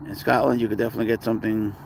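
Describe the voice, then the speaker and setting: With a flat, rapid-fire, creaky delivery, a man from Canada hosts a livestream featuring his pet. He keeps up casual, slang-heavy chat, greets viewers by location, and breaks into high-pitched baby talk with the animal, all over slight background noise.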